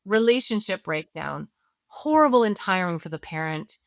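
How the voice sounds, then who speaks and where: A woman's voice: fairly low pitch, lively intonation, moderate pace, dry recording, clean studio sound. A woman, a parenting expert guest on a podcast, explaining her method through worked-through scenarios and often checking in with "right?". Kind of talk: podcast interview.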